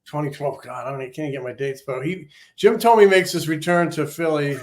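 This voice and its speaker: Brief: higher-pitched male co-host, easygoing baseball chat. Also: moderate pace. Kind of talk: casual sports talk.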